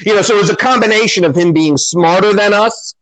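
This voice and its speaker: Fast and high-voiced with a fairly bright tone, this podcast co-host chats casually over a low-quality recording. He's sarcastic, puts himself down, and imitates quoted voices.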